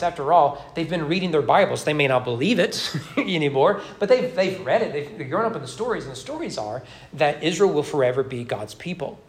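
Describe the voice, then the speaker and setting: A man preaching at an evening church service, his voice sitting a little above the usual male range. He talks conversationally, throwing in wry asides and often restarting his sentences as he works through the text. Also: on the high side. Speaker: pastor. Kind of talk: expository sermon. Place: church sanctuary during evening worship.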